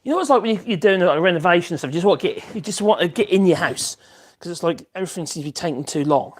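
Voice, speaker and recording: This man's voice sits high, with lively intonation and rapid-fire delivery. He's a woodworking live streamer chatting casually as he works, rambling and exclaiming, recorded on an external mic in his somewhat echoey home workshop.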